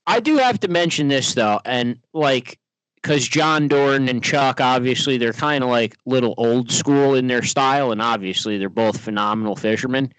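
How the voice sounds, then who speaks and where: A man co-hosting a fishing podcast, talking quickly and eagerly in a casual chat. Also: mid-range voice, fairly bright tone, clear, resonant tone, no echo, poor audio. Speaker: podcast co-host.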